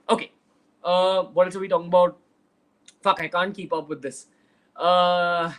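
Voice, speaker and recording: Young Mumbai-accented male host, fairly high voice, casual and direct Q&A delivery. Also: a bit bright, low-quality recording. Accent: Mumbai Indian English. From Mumbai, India. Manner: chatty, direct, switches into Hindi phrases. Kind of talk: casual livestream Q&A.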